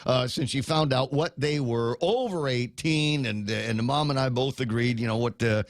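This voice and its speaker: A man's voice: mid-range voice, normal speed, no room sound. A middle-aged man hosting a morning talk radio show, rambling with many fillers and restarts as he reads out listener comments. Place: radio studio.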